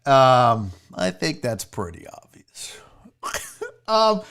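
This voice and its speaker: A man's voice: medium pitch, wildly swooping pitch, drawn-out words, a bit bright. A man hosting a casual sports livestream, rambling, jokey and profane, fiddling with his screen as he talks. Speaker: sports show host.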